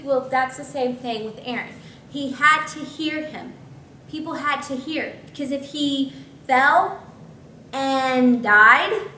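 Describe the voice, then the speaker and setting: A woman's voice: high-pitched, lively intonation, slow pace, bright, forceful tone. A woman pastor teaching scripture in a conversational way, with chatty asides. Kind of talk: Bible teaching. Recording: echoey room, mic at a distance, faint noise.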